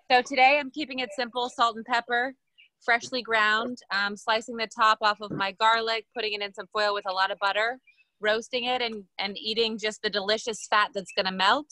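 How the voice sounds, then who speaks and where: A woman on a video call, talking in a relaxed way about a simple dish, with a light joke. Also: medium pitch, no room sound, low-quality recording. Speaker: guest, business founder. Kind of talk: casual video-call talk.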